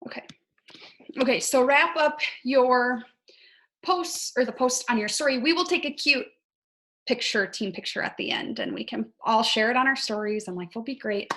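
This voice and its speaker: A woman's voice: fairly high pitch, expressive, fairly quick, sharp tone. Chatty woman on a video call. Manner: chatty, often asks "right?" and says "like". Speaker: fitness coach leading her team. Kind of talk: casual team video call. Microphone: video call mic.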